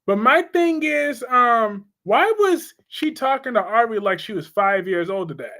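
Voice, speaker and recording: A man with a notably high-pitched voice hosts a casual live stream about soap operas, talking from a home setup. He is blunt and chatty and keeps reading out viewer comments between his own opinions. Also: expressive, a little slow, bright, forceful tone.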